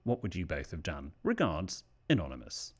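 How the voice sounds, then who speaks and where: Casting note: British male podcast co-host with a lowish, animated voice, reading letters. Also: normal speed, breathy edge. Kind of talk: casual chat and reading letters aloud.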